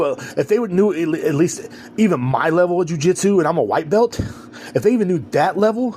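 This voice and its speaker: A man's voice: medium pitch, a little mellow, slight background noise. A man hosting a podcast, ranting alone in a heated, rambling, profane way. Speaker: podcast host. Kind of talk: casual ranting monologue.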